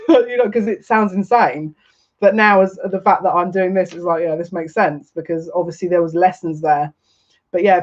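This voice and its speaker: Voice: mid-range voice, lo-fi sound. A psychic tarot reader giving a live reading, chatty and rambling, who laughs often and repeats phrases.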